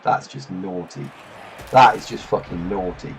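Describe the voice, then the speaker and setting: A man's voice: low-pitched, animated, a little slow, slight background noise, low-quality recording. A man hosting a live game stream over a headset, chatting casually and swearing in exasperation while sorting out his settings. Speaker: stream host.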